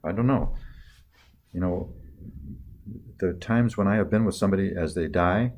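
An older man telling personal stories in a reflective talk, halting with many restarts and trailing off softly at tender moments. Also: low voice. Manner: soft-spoken, dropping quieter on tender moments.

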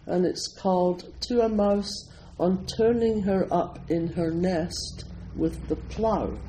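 Older man from Scotland, slightly high voice, unhurried, chatty and digressive, easy laughs. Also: fairly even intonation, mellow, slight background noise, low-quality recording. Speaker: speaker at a Zen centre. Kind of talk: casual talk introducing a poetry reading.

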